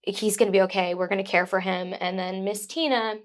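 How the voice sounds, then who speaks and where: A woman's voice: medium pitch, steady tone, brisk. A young mother as a guest in an interview, speaking in a heartfelt, effusive way. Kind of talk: conversational interview.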